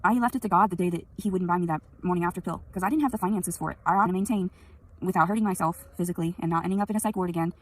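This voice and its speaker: A young woman in a rambling, profane venting monologue, swinging between loud anger and quiet sadness, recorded on a phone. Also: on the low side, racing, recorded from a distance. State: sleepy.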